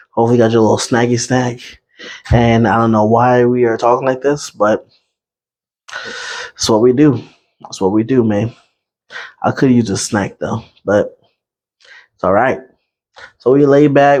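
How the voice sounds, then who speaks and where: A young man hosting an unscripted podcast, talking in a laid-back, chatty way with lots of pauses and fillers. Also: medium pitch, a little mellow. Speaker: podcast host. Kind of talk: unscripted casual talk.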